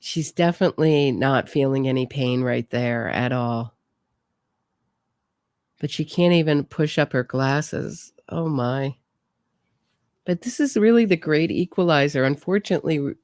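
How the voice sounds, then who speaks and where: A woman's voice: a bass voice, normal speed, darkish tone, no echo. Woman, true crime host, casual reaction chat, amused, laughing, dry close sound. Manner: amused, chatty, laughs often. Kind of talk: casual live-stream reaction commentary.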